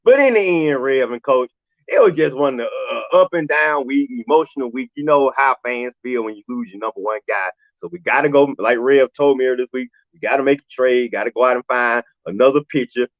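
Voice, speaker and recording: A man, co-hosting a sports talk stream, ranting emotionally and shouting at his team in casual colloquial speech. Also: mid-range voice, a little fast, no room sound, highs cut off. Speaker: sports show co-host. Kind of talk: impassioned fan rant on a live stream. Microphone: video call.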